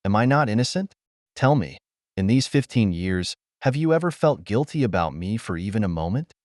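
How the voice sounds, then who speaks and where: A man's voice: fairly low pitch, very animated, normal speed, a little mellow, no echo, clean studio sound. A man voicing a cold, sarcastic betrayed husband.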